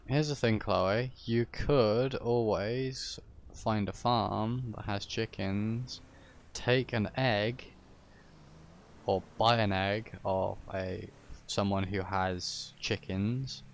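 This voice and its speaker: Chatty low-voiced male game streamer. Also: fairly even intonation, extremely slow, creaky. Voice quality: chatty, teasing, swears offhandedly. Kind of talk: casual live game-stream commentary.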